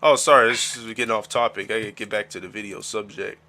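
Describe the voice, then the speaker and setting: A man's voice: lowish voice, fairly even intonation, fast talker, very noisy. A man streaming casual reaction chat, rambling with crude jokes and lots of fillers.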